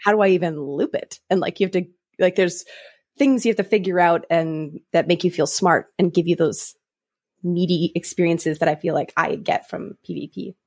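A woman's voice: fairly low pitch, fairly even intonation, moderate pace, a little mellow. A woman who is a guest on a podcast, chatting casually with lots of "like" fillers. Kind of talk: casual chat.

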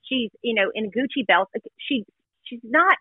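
A chatty woman tells a story bluntly and pokes fun at herself. Her voice sits a little high and breathy. It comes through a tinny, phone-like line. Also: lively intonation, normal speed, no echo. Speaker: guest. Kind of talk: casual chat.

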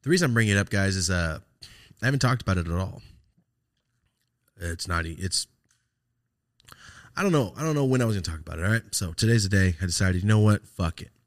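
A man with a somewhat low voice hosts a podcast and talks through a personal story in a loose, reflective way. He swears freely and trails off into fillers and restarts as he goes. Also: lively intonation, fast, pauses often. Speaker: podcast host. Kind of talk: casual storytelling chat.

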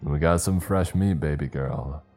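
A man's voice: very deep voice, unhurried, faint music behind. A man voicing a cruel, knife-wielding Australian man with a threatening manner, in a horror story reading. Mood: gloating. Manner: threatening, louder than the narration.

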